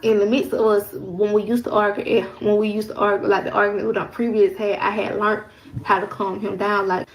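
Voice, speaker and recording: A woman's voice: medium pitch, little pitch movement, a little fast. A young woman telling a personal story in a casual, rambling way, using slang and repeating her phrases. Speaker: vlogger. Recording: noisy background hiss.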